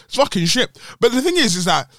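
A young man co-hosting a podcast, reacting loudly and agreeing with emphasis. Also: extremely high pitch, big pitch swings, a little fast, dry recording, clean studio sound. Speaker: podcast co-host. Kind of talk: casual chat.

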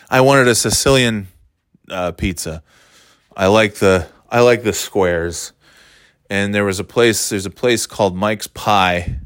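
A man rambles in casual chat, often restarting his sentences and swearing offhandedly. His voice sits low. The sound is dry and close, with no room echo. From New York.

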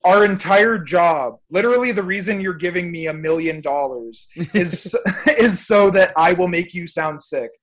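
A man's voice: sits high, normal speed. A young man, a music producer, ranting emphatically and swearing freely as a guest on a podcast. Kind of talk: casual podcast chat.

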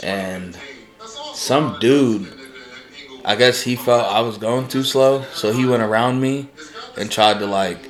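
Young man, podcast co-host, mid-pitched, profane and teasing. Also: takes it slowly, long pauses. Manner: profane, joking trash talk. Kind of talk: casual chat.

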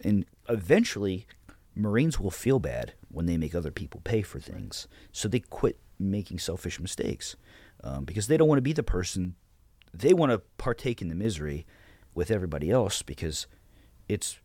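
This podcast guest, a man in his thirties, speaks in a low, slightly mellow voice that's very animated, rolling along at a moderate pace with hardly any pauses. Blunt and profane, he tells casual interview stories about leading his platoon, repeating his own orders. The sound is dry.

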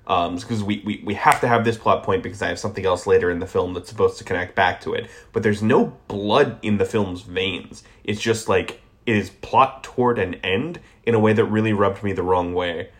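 A man's voice: fairly low pitch, brisk, few pauses. A man from the American South co-hosting a movie podcast, giving blunt, sardonic and profane takes on films. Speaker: podcast co-host. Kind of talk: casual movie podcast chat.

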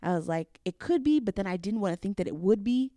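A young woman, a guest on an interview show, telling a story casually and acting out what people said with big swings in pitch. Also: fast, no room sound, clean studio sound. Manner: animated, acts out quotes with big jumps in pitch.

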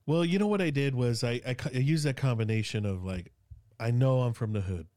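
A man's voice: mid-range voice, fairly quick, a little mellow, no echo, studio quality. A man from Sacramento with a Northern Californian accent, chatting casually and rambling with lots of fillers and slang. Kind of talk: casual chat.

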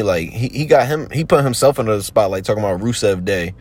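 A man's voice: on the low side, expressive, fast, few pauses, a little mellow. A man hosting a podcast in a slangy, rambling, casual chat full of fillers. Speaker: podcast host.

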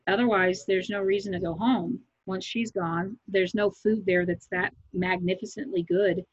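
A middle-aged woman from Kansas, a comedian, talking loudly and emphatically in a rambling podcast chat. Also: medium pitch, steady tone, normal speed, breathy edge, dry recording. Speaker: comedian guest. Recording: muffled lo-fi recording.

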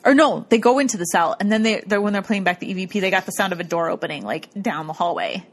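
Talking fast in a mid-range voice, a woman casually recaps a ghost-hunting show. She rambles, says "like" constantly, and keeps breaking into laughter.

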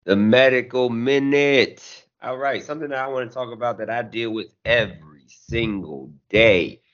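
A man's voice: medium pitch, moderate pace, a bit bright. A man co-hosting a podcast, chatting loosely with crude jokes and banter. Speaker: podcast co-host. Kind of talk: casual chat. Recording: dull lo-fi sound.

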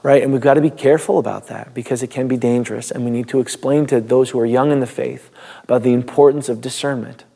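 A man's voice: medium pitch, fairly even intonation, fast talker, vocal fry, dark tone, slightly rough. Man, pastor, reading scripture and talking through it, casual, mid-range voice. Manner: reads scripture, then talks loosely with restarts and small laughs. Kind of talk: devotional Bible teaching.

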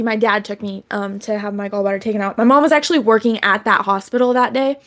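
A young woman telling a story in casual chat, animated and acting out the voices she quotes. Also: mid-range voice, fast talker.

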